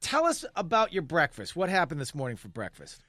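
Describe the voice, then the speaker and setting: Male host, casual and directive, bright animated delivery. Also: a little high, no echo, studio quality. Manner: directive, quick to laugh. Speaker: podcast host. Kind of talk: casual chat, coaching improv.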